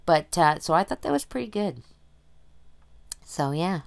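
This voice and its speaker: Brief: middle-aged Canadian woman co-host, slightly low voice, lively storyteller who acts out scenes. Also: a little slow, gravelly. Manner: animated storyteller, acts out her own panicked shouting. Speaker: podcast co-host. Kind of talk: casual chat.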